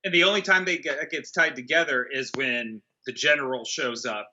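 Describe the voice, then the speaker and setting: A man's voice: medium pitch, normal speed, sharp tone, highs cut off, slight background noise. A man co-hosting a casual movie review chat, wisecracking with sarcastic, profane remarks. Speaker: movie review podcast co-host.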